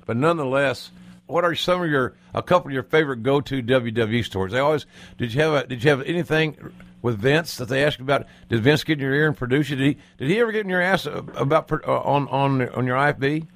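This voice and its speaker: A man's voice: medium pitch, quick pace, a bit bright. A man hosting a podcast, chatting in a folksy, rambling way. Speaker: podcast host, former wrestling announcer. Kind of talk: casual podcast chat.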